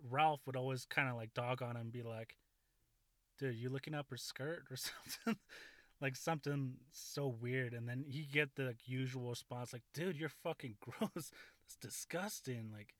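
A man's voice: medium pitch, no echo. Rambling, profane man in his thirties. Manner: rambling, profane, laughing often. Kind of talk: casual storytelling monologue.

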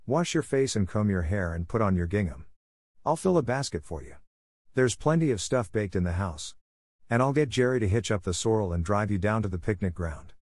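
A man voicing a stern, strict middle-aged farm woman in an audiobook, brisk and scolding. The recording is dry and close. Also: fairly low pitch, animated, a little mellow, dry recording. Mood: firm. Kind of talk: audiobook character reading.

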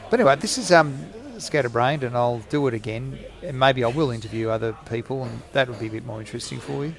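A man, talking through a solo podcast from a cafe. His voice has a gravelly, creaky edge at a middling pitch. He rambles, jokes and pokes fun at himself as he goes. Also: quick pace. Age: 40s. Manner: rambling, jokey, self-mocking. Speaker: podcast host.

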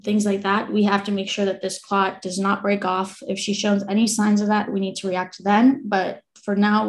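A woman in her twenties, a podcast guest, telling a personal story in an earnest way, laughing now and then between lines. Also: medium pitch. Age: 20s. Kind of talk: casual storytelling.

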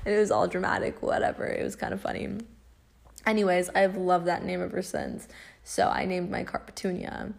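A woman's voice: lowish voice, little pitch movement, a little fast, gravelly. A young woman hosting a casual podcast, telling stories in a chatty way, swearing often and laughing as she goes. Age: young adult. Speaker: podcast host.

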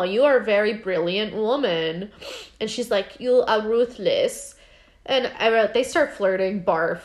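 A woman casually recapping a TV episode as a podcast co-host, talking animatedly with lots of fillers and acting out the characters' lines. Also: fairly high pitch.

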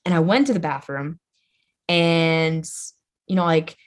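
A young woman talking as a podcast guest in a casual conversation. She is loud, playful and blunt, fills her talk with "like" and swears freely. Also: sits low, a little slow. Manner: chatty, says "like" constantly, swears freely.

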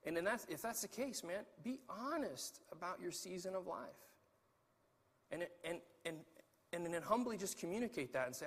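Man, pastor, sermon, husky, slightly high voice, echoing church hall. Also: fast talker. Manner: lively preaching with asides to the congregation. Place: church sanctuary. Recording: echoey hall.

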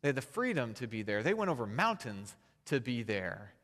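A man preaching a sermon, relaxed and conversational, building to emphatic peaks. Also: medium pitch, normal speed. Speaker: pastor. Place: church sanctuary. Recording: long hall reverb.

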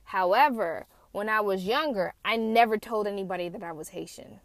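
A woman from the United States tells stories from her own life in a loose, candid vlog style. She swears casually and keeps up a chatty flow. Her voice sits at a middle pitch, and the sound is dry and close, as if she were recording from a car. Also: normal speed, no echo. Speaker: vlogger telling personal stories. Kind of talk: casual storytelling.

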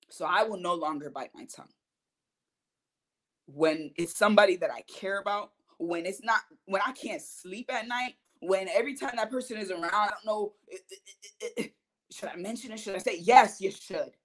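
A woman in her thirties hosting a podcast, giving an earnest motivational talk with emphatic swings between soft and loud. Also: mid-range voice, moderate pace. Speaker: podcast host.

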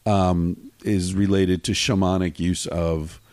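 A man telling a story as a podcast guest, animated and swearing freely, often acting out what people said. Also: low-pitched, takes it slowly, clean tone, dry recording. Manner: animated, swears freely, acts out quoted dialogue. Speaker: podcast guest, travel writer. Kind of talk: casual storytelling chat.

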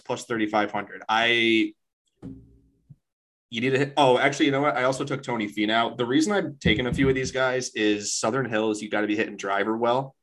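A man co-hosting a casual podcast, brash and profane, quick to banter with his partner. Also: medium pitch, fairly bright tone, low-quality recording. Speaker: podcast co-host. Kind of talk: casual chat.

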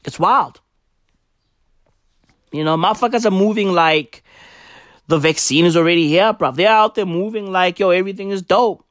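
A man's voice: high voice, normal speed, long pauses, a bit bright, no echo, studio quality. A man ranting casually to camera, profane and rambling with lots of slang. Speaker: vlogger.

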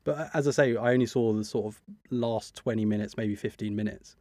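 A lowish male voice, recorded dry and close, chats casually as a podcast co-host. He is the eager superfan of the group and keeps padding his sentences with "sort of" while he walks through film details. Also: a little fast, mellow, no room sound. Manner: fills with 'sort of', enthusiastic about details.

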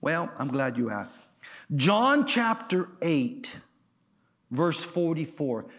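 Impassioned male preacher with a lively high voice. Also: takes it slowly. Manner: emphatic, call-and-response, rising to shouts. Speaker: pastor. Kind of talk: sermon.

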